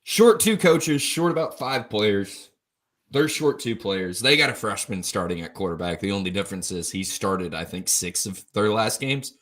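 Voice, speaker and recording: A man's voice: lowish voice, expressive, normal speed, fairly bright tone. A man co-hosting a casual college football show, joking and rambling while hungover. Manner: joking, rambling, self-mocking. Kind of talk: casual sports chat.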